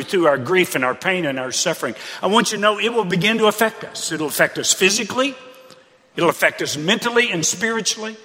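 A man's voice: high-pitched, pushed and bright. A pastor preaching a sermon in an earnest, conversational way, often repeating his phrases. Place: church sanctuary. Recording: preacher in a reverberant sanctuary.

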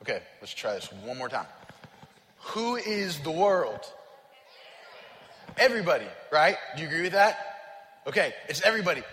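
Emphatic high-voiced pastor preaching in a hall. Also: male voice, sing-song, quick pace. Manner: emphatic, rising to near-shouts on repeated refrains; asks the congregation questions and waits for answers. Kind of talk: sermon. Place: church sanctuary. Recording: long reverb of a large hall.

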